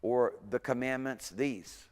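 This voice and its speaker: A man's voice: mid-range voice, takes it slowly, clean tone, long reverb tail. A man giving an informal language lecture, thinking aloud and often correcting himself. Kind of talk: recorded university lecture.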